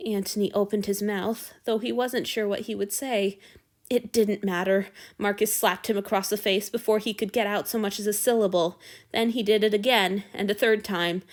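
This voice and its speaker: A woman narrating a fan fiction story aloud in a steady, expressive reading. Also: mid-range voice.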